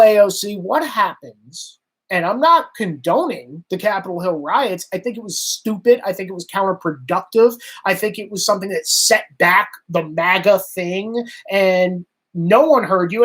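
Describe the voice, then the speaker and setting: A man ranting as a political commentator, sarcastic and emphatic, hammering his points through repetition. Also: high-pitched. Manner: sarcastic, exasperated.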